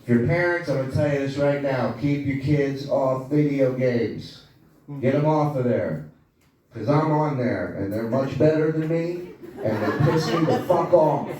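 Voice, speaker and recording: A man doing a stand-up comedy set on a club stage, telling profane, animated stories with asides to the crowd. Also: medium pitch, unhurried, noisy background. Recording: echoey club audio from far off. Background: small audience laughing.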